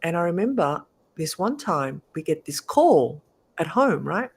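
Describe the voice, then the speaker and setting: A middle-aged woman, a guest, telling a story in a lively, animated way and laughing often. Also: lowish voice, a little slow, a little hiss or hum. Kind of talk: casual storytelling.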